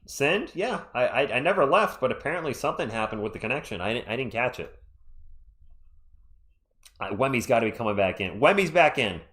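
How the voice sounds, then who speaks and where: Man, fan play-by-play caller, home mic, excitable, chatty, mid-pitched. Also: fairly quick. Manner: excitable, chatty, jumps between game calls and asides to chat. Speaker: livestream play-by-play commentator. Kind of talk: live fan play-by-play commentary. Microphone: own microphone.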